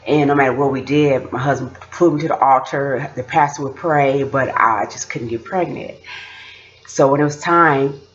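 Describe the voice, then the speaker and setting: A woman, a mother and vlogger, telling family stories in an animated, laughing casual chat. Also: extremely low pitch, moderate pace, highs cut off.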